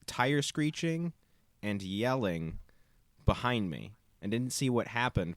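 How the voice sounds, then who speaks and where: A man with a fairly low voice tells a story on a podcast, rambling and full of ums. He acts out the people he quotes. The sound is close and dry. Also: fairly bright tone, no echo. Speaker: podcast co-host. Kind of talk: casual storytelling.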